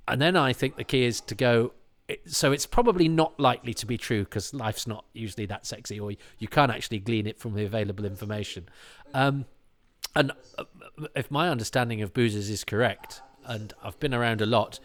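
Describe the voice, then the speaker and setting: Male podcast host, commentary chat, rambling, lots of restarts, mid-pitched voice. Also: steady tone, fast. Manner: rambling, full of restarts and asides.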